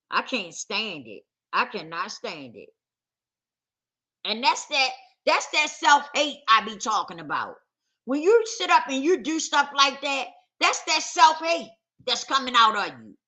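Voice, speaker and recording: A woman's voice: high voice, bright, forceful tone. A woman vlogger talking straight to camera in a casual, emphatic rant, circling back to the same points with heat. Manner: emphatic, repetitive, heated.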